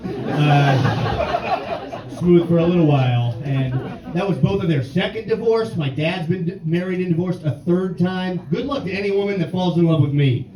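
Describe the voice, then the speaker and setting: A man's voice: a little high, moderate pace. A young man from New York doing a stand-up set, with a dry, self-deprecating delivery, to a laughing audience in a comedy club. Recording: echoey club, mic at a distance, crowd.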